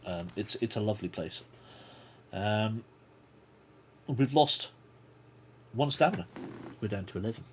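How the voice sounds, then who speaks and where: A man's voice: fairly low pitch, lively intonation, measured pace, pauses often, a little hiss or hum. A man hosting a livestream, reading a gamebook aloud and chatting playfully with viewers. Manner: playful, chatty asides to chat.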